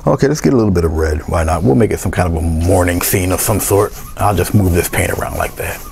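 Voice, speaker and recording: A man with a low, gravelly voice gives a casual painting tutorial. He talks through each step in a relaxed way as he works, often half to himself. A faint hiss of noise sits behind him. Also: fast talker. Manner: relaxed, talks to himself while working, thinks aloud. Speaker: painting instructor.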